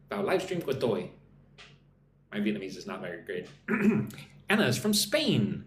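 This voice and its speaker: A man teaching English on a live stream, chatting as he reads out viewer comments and explaining slang with slow example sentences. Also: mid-range voice, wildly swooping pitch. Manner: chatty, reads viewer comments aloud and greets them in their languages. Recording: roomy echo with faint background hum.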